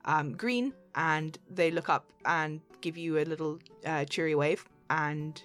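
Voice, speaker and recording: Casting: woman game master describing a shop, rambling casual narration, soft music underneath. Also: low voice, a little slow. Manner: rambling, many fillers and restarts, laughs easily.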